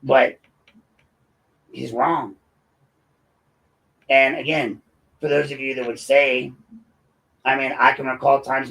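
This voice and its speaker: A man's voice: mid-range voice, a bit bright, poor audio. A man hosting his own show, ranting in a combative and mocking commentary. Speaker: host and local activist.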